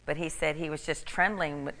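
Low gravelly woman preaching. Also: steady tone, fairly quick, fairly bright tone, big-room sound. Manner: emphatic, repeats key phrases for stress. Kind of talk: sermon.

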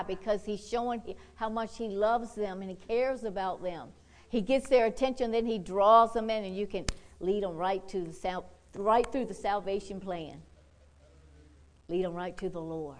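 A woman preaching a sermon, telling a story with lively quoted voices and exclamations. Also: mid-range voice.

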